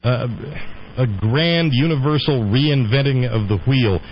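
A man's voice: mid-range voice, measured pace, muffled recording, a little hiss or hum. A man hosting a radio show, talking in a rambling, opinionated monologue. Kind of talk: casual on-air monologue.

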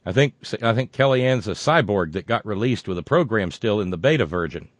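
Older american guy reading listener letters, lowish voice, dry sound, jokey asides. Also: animated, a little fast, no echo. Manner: wry, digressive, reads letters aloud with asides. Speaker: show host reading listener mail. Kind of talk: casual talk show.

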